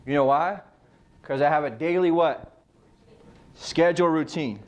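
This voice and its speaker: A man's voice: on the high side, unhurried. A man coaching a real estate team in a casual motivational talk, firing off rhetorical questions and swearing freely.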